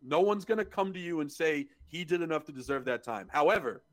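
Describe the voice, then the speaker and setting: A man with a fairly high voice co-hosts a casual sports podcast. He sounds exasperated and stumbles over repeated words when he gets worked up. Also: lively intonation, brisk. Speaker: podcast co-host.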